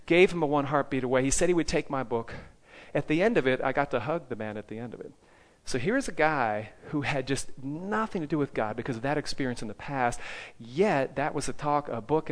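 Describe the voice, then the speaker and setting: A man preaching a sermon, telling personal stories in a lively way and often checking in with the listeners by asking "okay?". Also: medium pitch. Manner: animated storytelling, keeps asking "okay?".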